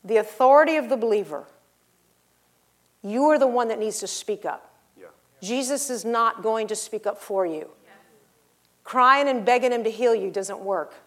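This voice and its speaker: High-pitched woman preaching a sermon. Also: normal speed, long pauses. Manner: rising to loud exhortation; acts out voices in her stories.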